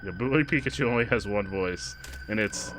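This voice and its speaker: A man streaming a game, chatting casually and loudly thanking donors with sudden excited outbursts. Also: brisk, background noise. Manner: excitable, shouts out thanks to donors with big jumps in pitch. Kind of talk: casual live-stream chat while gaming.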